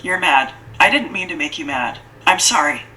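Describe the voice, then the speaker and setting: A woman's voice: expressive, normal speed, bright, forceful tone, a little hiss or hum, low-quality recording. Woman doing an earnest, lonely young schoolgirl. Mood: pleading. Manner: pleading, apologetic, raised childlike pitch.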